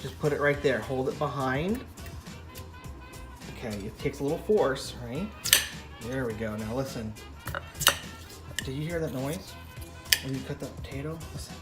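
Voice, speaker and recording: A middle-aged man casually vlogging as he cooks in a home kitchen and gently coaches his young daughter with a knife, chatty and jokey. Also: mid-range voice, animated, moderate pace, long pauses. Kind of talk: casual cooking ASMR vlog. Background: music and kitchen clatter of knives and pots.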